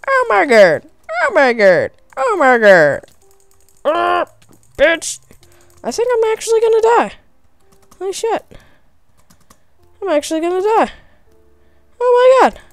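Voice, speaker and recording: A woman giving excitable, profane commentary while playing a game, often shrieking in panic. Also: high voice, no echo, studio quality. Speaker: gamer. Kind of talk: let's play commentary.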